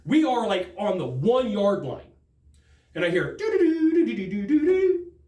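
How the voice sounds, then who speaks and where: A man giving a sales training talk, telling stories from the field in an animated, emphatic way. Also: high voice, a little slow, echoey room.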